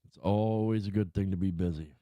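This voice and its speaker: A middle-aged man talks to his livestream viewers in a low, warm voice, heavy with swearing and restarts. He rambles and gets worked up when he complains. The sound is dry and close, with almost no room echo. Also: a little fast. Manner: profane, rambling, worked-up ranting. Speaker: livestream host. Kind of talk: casual rant and chat to viewers. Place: home room.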